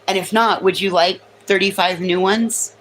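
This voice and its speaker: A woman's voice: mid-range voice, steady tone, normal speed, fairly bright tone, a little hiss or hum, poor audio. A woman hosting a casual livestream from home, teasing her chat with sarcastic remarks. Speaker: livestream host. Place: home near a kitchen.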